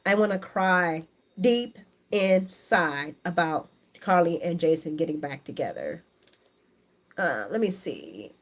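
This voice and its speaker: Speaking slowly in a fairly low voice, this soap opera recap host reads viewer comments on her casual live stream. Her take is chatty and opinionated, and she's animated, breaking into laughter often.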